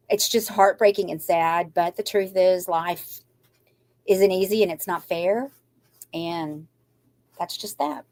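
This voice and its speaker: An older woman talks straight to her viewers. She rambles and sounds anxious, her voice shaky and near tears, then turns defiantly upbeat. Her voice sits in a plain middle pitch. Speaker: craft channel host. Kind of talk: emotional live chat to viewers.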